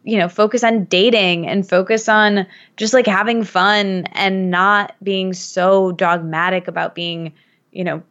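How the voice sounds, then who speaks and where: A woman's voice: mid-range voice, steady tone, a little slow, fairly bright tone. Woman, 30s, from Michigan, chatty storyteller, lots of fillers, slightly dull audio. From Michigan, USA. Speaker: podcast guest. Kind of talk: casual podcast conversation.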